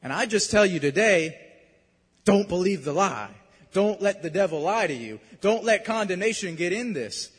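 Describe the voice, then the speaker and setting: A young man preaching a sermon, talking earnestly and conversationally, then suddenly building to loud emphasis. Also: high voice, lively intonation, normal speed, husky, in a large hall.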